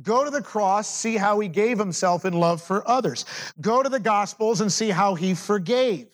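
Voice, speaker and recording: A middle-aged male pastor with a notably high voice delivers a sermon. He swings between ringing, emphatic declarations and low, confiding asides, talking straight to his congregation. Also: moderate pace.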